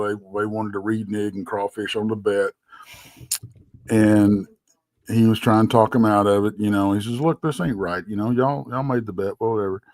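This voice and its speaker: A man's voice: on the low side, no room sound. A middle-aged man, co-hosting a live talk show and telling folksy stories with laughs. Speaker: co-host. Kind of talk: casual storytelling chat.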